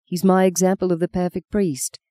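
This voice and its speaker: A woman's voice: on the low side, little pitch movement, brisk, mellow, dry recording, lightly acted. A woman voicing an earnest young man set on becoming a priest, reading him in a heartfelt, pleading way in an audiobook.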